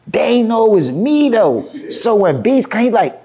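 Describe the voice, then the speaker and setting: A man with a fairly high voice spins a street story as an interview guest. He slips into the voices of the people in it and swears casually as he goes. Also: big pitch swings, moderate pace, warm tone, a little hiss or hum. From Philadelphia. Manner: acts out quoted voices, laughing and cursing as he tells it. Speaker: rapper guest. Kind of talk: animated storytelling.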